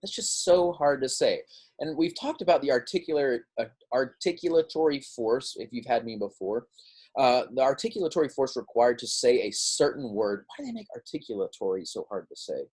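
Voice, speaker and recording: A man with a slightly husky voice gives a recorded lesson to his class. He explains each point patiently and step by step, and keeps checking that the students follow along. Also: medium pitch, lively intonation, brisk, a little mellow. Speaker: Spanish teacher.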